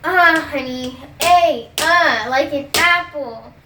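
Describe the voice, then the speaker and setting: A young woman in a comedy sketch, playing a teacher who spells out words slowly with exaggerated patience. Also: high voice, echoey room, background noise. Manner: exaggerated, patient-then-exasperated teacher delivery, stretches out words.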